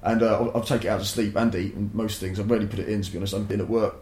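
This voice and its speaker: A man's voice: on the low side, rapid-fire, slight background noise. Young man, casual swearing storyteller, roomy echo on the recording. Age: young adult. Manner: sweary, rambling, animated. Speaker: podcast guest.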